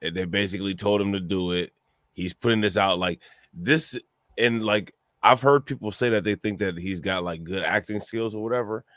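Deep-voiced blunt podcast co-host man. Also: moderate pace, fairly bright tone, no room sound. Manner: blunt, dismissive commentary. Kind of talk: casual podcast chat.

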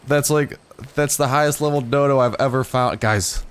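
A young man giving casual, jokey gameplay commentary as a gaming YouTuber, rambling through asides and breaking into excited outbursts. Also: mid-range voice, moderate pace, clear, resonant tone.

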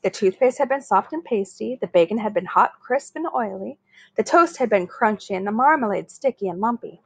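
A woman reading a children's chapter book aloud in a steady, expressive way. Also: mid-range voice, brisk, gravelly, slightly rough, no room sound. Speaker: story reader.

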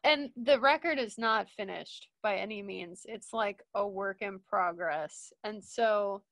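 A young woman and studio manager telling a casual story, full of fillers and restarts, jumping higher when she quotes people. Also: unhurried, gravelly, fairly bright tone, no room sound.

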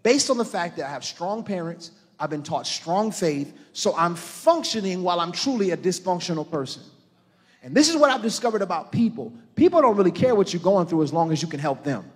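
Man, pastor, sermon, high voice, rises from hushed to shouting, talks to the congregation, long church hall reverb. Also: big pitch swings, fairly quick, husky. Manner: impassioned preaching that swings from hushed to shouting; calls on the congregation directly.

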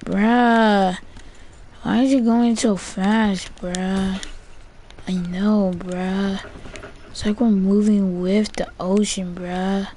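A woman's voice: mid-range voice, level tone, drawn-out words, mellow, slight background noise. A woman gamer giving casual gameplay commentary, frustrated and swearing often, with "bruh" in nearly every sentence.

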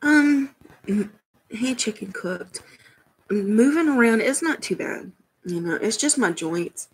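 Husky woman rambling to her stream viewers at home, slow easygoing pace, laughs a lot. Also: a little high, animated, rough recording. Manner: chatty, rambling, laughs often. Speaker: livestream host. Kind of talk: casual chat with viewers.

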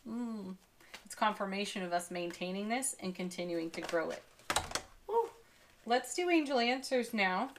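A woman reading tarot cards in an upbeat, effusive way, breaking into gentle laughs as she goes. Her voice sits at an ordinary middle pitch. She closes her thoughts with soothing spiritual affirmations. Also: expressive, normal speed, slight background noise. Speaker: tarot reader. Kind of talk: daily tarot card reading.

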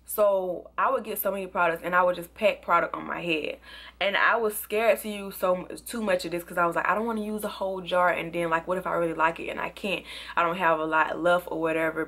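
A woman's voice: lowish voice, fairly bright tone. A woman with a Southern US country accent, chatting casually in a product review vlog and often saying y'all. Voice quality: chatty, says y'all a lot. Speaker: beauty vlogger.

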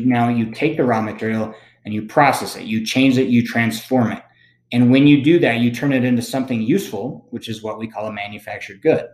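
A man teaching a recorded lesson, explaining in a relaxed, conversational way and often checking in with "okay?". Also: medium pitch, echoey room. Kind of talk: recorded classroom lecture.

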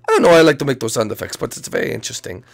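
Gravelly woman rambling over gameplay. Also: extremely low pitch, very animated, racing, slight background noise. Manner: rambling, many fillers. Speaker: gaming video creator. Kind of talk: casual gameplay commentary.

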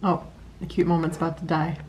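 A woman's voice: deep voice, little pitch movement, a little fast, noisy background. A young woman casually vlogging in her home kitchen, chatty and upbeat, with bad jokes, on a handheld camera.

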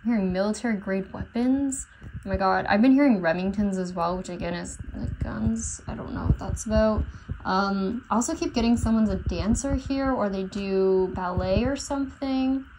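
A woman's voice: mid-range voice, normal speed, background noise. A woman tarot reader talking in a casual, rambling way, full of fillers and unsure asides as she channels messages. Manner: rambling, unsure, many fillers and self-corrections.

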